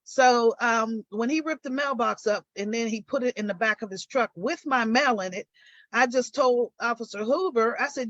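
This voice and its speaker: An older woman, a guest on a live stream, recounting her own story and getting animated as she retells arguments. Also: on the high side, normal speed, muffled recording.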